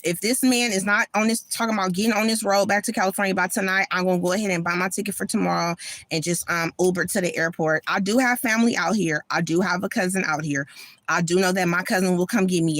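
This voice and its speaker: A woman's voice: medium pitch, a bit bright, no room sound. A woman, venting in a rambling, emotional vlog from a parked car, upset and homesick. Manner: venting, rambling, repeats herself. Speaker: vlogger.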